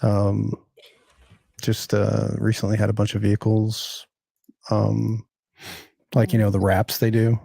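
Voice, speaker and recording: A man chatting casually as a guest on a livestream, relaxed and hesitant with many ums. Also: fairly low pitch, takes it slowly, creaky, pauses often, slightly rough, dry recording. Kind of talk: casual chat.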